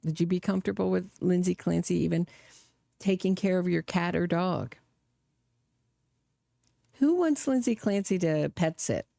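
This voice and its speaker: A sarcastic woman hosting a true crime stream, talking with open scorn. Her voice is gravelly and dark, and she sits close to the mic in a dry, dead room. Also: lowish voice, moderate pace, long pauses, no echo. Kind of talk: live reaction commentary.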